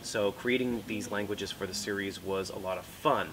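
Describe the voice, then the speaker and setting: A man with an American accent, answering interview questions in a relaxed, chatty way with playful asides. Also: fairly low pitch, moderate pace. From United States. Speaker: guest author. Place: book fair. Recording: noisy book fair.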